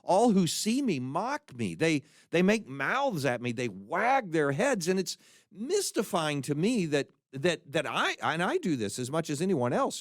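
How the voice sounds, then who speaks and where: A man giving a conversational Bible teaching on a podcast, earnest and animated as he quotes scripture with feeling. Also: a little high, a little slow, dry recording, studio quality.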